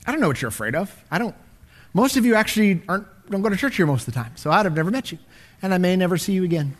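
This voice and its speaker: A man preaching a sermon as a pastor, swinging between loud declarations and hushed whispers as he reads scripture. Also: high-pitched, big pitch swings, racing.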